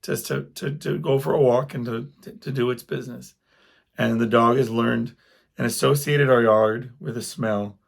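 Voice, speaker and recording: A man talks through his own podcast in a loose, rambling monologue, drifting from one story to the next. His voice has a rough, gravelly edge with a husky grain to it. He sounds like a working musician chatting off the cuff. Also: medium pitch, steady tone, moderate pace. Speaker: podcast host and gigging singer-guitarist. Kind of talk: casual solo podcast monologue.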